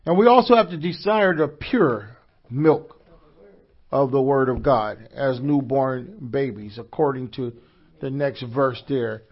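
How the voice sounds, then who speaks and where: A man preaching a sermon, calling to the congregation for responses and rising to shouts. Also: medium pitch, lively intonation, measured pace, breathy edge, highs cut off. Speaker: pastor.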